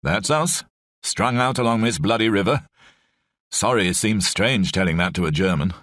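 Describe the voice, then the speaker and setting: A man's voice: fairly low pitch, lively intonation, moderate pace, a bit bright, no echo, clean studio sound. A male narrator voicing a hearty Scottish army officer with a Scottish accent.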